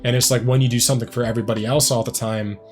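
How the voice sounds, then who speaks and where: In a level, mid-range voice, a man fires off casual reaction commentary on music at a rapid clip. He rambles and muses as he goes, leaning heavily on "like" and "um."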